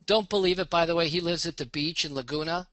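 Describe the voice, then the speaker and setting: A man presenting a live online business pitch, walking through a website demo with an upbeat sales manner and frequent "okay?" check-ins. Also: fast talker, a bit bright. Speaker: webinar presenter.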